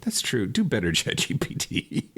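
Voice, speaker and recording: A man co-hosting a casual podcast, his pitch low and moving a lot as he talks. He rants with plenty of swearing, laughing and restarting sentences along the way. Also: huge pitch swings, moderate pace, fairly bright tone, husky. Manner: profane, ranting, with laughs and restarts. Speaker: podcast co-host. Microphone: remote recording.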